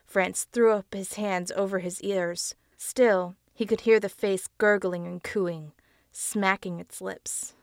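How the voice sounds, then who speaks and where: A woman narrating a dark audiobook story in a measured storytelling voice. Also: medium pitch, steady tone, no room sound, studio quality. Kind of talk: scripted narration.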